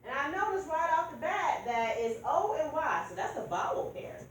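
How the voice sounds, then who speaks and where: A woman's voice: sits high, sing-song, moderate pace, a little hiss or hum. Patient woman teacher in an echoey classroom. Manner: patient, prompting students by name. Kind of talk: classroom phonics lesson. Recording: echoey room from a distance.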